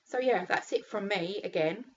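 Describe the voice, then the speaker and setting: Frank, gravelly British mum vlogging. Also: female voice, mid-range voice, moderate pace, highs cut off, slight background noise. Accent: British English. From United Kingdom. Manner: frank, sweary, rambling with fillers. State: tearful, emotionally raw. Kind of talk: candid casual vlog.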